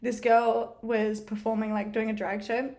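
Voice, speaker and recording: Here a young woman with a fairly high voice takes her time, chatting casually as a guest. She tells stories with animation, laughing a lot and saying "like" often.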